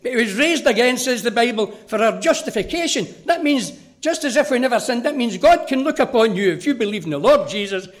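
Man, preacher, high voice, earnest, direct sermon. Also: lively intonation, a little fast, few pauses. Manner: earnest, direct, addresses children.

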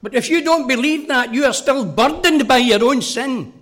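A man's voice: very high voice, normal speed, fairly bright tone. A man preaching a sermon, earnest and direct, speaking straight to the children.

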